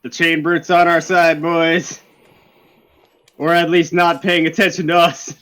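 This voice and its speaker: High-pitched male player, playful and pleading, always joking. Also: level tone, measured pace, fairly bright tone. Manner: jokey, pleading, laughs a lot. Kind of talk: casual tabletop play.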